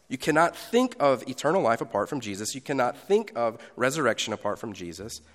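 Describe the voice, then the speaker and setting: A pastor giving a sermon in a conversational style, moving between loud emphasis and quiet asides. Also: male voice, medium pitch, very animated, a little fast, hardly any pauses, big-room sound.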